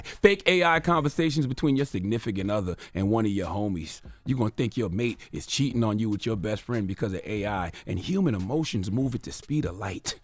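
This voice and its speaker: A man's voice: fairly low pitch, animated, fairly quick, few pauses, no echo. A man hosting a radio show, delivering an emphatic, sarcastic commentary rant. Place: radio studio.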